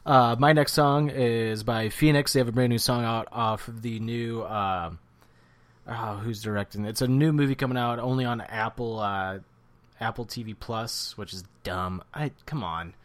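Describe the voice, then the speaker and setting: A man co-hosting a casual podcast, rambling through his music picks and teasing his co-host as he goes. His voice is recorded close and dry, with no room echo. His speaking pitch sits in the middle range for a man. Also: normal speed. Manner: rambling, teasing, lots of fillers. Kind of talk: casual chat about music.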